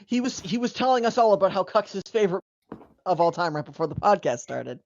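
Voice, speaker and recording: A man's voice: sits high, big pitch swings, fast talker. A man co-hosting a podcast in casual chat, teasing and swearing freely. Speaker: podcast co-host. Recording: dull lo-fi mic sound.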